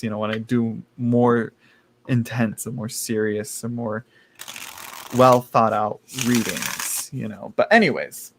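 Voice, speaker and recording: A man hosting a live tarot stream, talking in a campy, gossipy way with plenty of laughter. His voice sits at an ordinary middle pitch. A faint hiss and the sound of shuffling cards stay in the background. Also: takes it slowly. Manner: chatty, campy, laughs often, addresses viewers as girl. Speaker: tarot reader.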